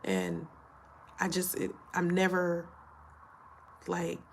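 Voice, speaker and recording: Tired gravelly-voiced woman. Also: on the low side, very animated, takes it slowly, a little hiss or hum. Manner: candid, storytelling, frequent fillers and profanity. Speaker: channel host. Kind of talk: casual chat to camera.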